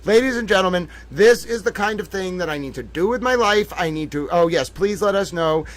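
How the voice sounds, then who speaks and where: Male stream host, high voice, mock-grand showman delivery with drawn-out exclamations, casual chat. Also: expressive. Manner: playfully theatrical, addresses audience as ladies and gentlemen. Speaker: livestream host.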